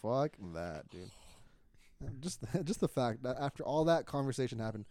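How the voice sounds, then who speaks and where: Smooth-voiced young man telling a story. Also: medium pitch, normal speed, no room sound. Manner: profane, animated retelling with laughter. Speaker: podcast co-host. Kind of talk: casual chat, storytelling.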